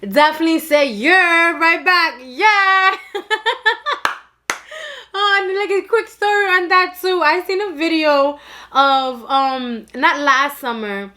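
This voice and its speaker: A young woman with a New York accent chats casually on her eating show, loud and animated, breaking into laughter as she talks. Her voice sits high for a woman. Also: moderate pace. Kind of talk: casual chat while eating.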